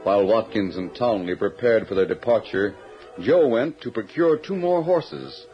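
A man narrating a radio drama in a steady, dramatic storytelling manner. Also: fairly low pitch, moderate pace, highs cut off. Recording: old radio recording with music.

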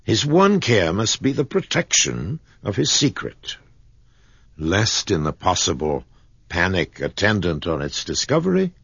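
A man narrating a story in a measured, expressive reading. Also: lowish voice, gravelly, husky, dry recording, dull audio.

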